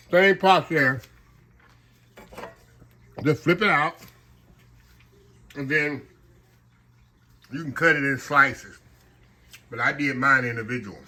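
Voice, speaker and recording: Slow-talking man cooking. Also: fairly high pitch, pushed and bright, a little hiss or hum. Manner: folksy, keeps addressing viewers as y'all. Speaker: cooking vlogger. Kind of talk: casual cooking demonstration.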